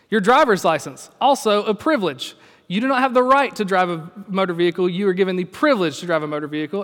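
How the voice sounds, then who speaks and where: Male pastor, high voice, chatty sermon delivery, long hall reverb. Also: fairly bright tone. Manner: conversational, storytelling with acted quotes.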